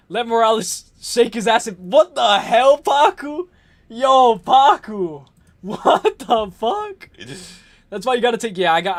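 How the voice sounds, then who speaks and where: A man hosting a live stream, ranting and joking in an excitable, profane way while reading viewer comments. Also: sits high.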